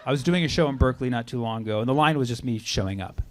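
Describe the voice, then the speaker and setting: A man doing a stand-up comedy set on stage, animated and sarcastic, now and then putting on voices for the people in his stories. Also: medium pitch, racing. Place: comedy club stage before a live audience. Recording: live club audio with audience laughter and noise. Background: audience laughing.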